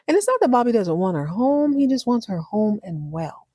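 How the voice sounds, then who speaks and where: A woman hosting a TV recap podcast, animated and slangy with joking asides. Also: medium pitch, normal speed, hardly any pauses, slightly rough, no echo, studio quality. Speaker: podcast host. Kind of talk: TV episode recap.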